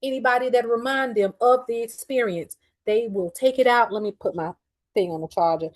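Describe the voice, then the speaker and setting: A middle-aged woman with a fairly high voice pours out a personal story on her podcast. She speaks candidly and swears freely, moving between low, simmering fuming and loud, angry bursts. She sounds upset, like someone who has been crying on and off all day. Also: fairly quick. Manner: candid, profane and heated, swinging between quiet fuming and loud outbursts. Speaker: podcast host.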